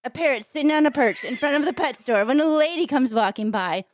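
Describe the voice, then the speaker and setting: Giggly, animated woman co-host. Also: sits high, brisk, no room sound, studio quality. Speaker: podcast co-host. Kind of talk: casual joke-telling banter.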